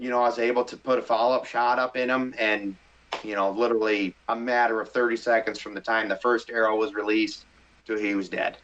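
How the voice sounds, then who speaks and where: In a casual podcast chat, a middle-aged guest tells a story with excitable, animated energy, voicing his own thoughts aloud. His voice is mid-range, and the recording has its highs cut off.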